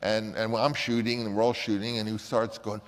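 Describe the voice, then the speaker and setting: An older man with a lowish voice tells a story in an animated way, now and then slipping into other people's voices. A long reverb trails after his words. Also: normal speed, noisy background. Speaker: filmmaker recounting a story. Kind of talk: anecdotal storytelling.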